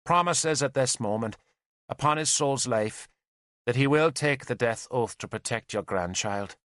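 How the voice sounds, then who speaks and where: A man puts on a young druid girl in an audiobook, aloof and scornful, chanting her answers as if the gods speak through her. The delivery is bright and dry. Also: medium pitch, expressive, measured pace, dry recording. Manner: chanting, insolent, detached.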